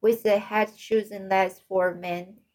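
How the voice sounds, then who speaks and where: A woman reading a novel aloud as audiobook narrator, halting with frequent slips and restarts. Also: mid-range voice, steady tone, darkish tone, rough recording.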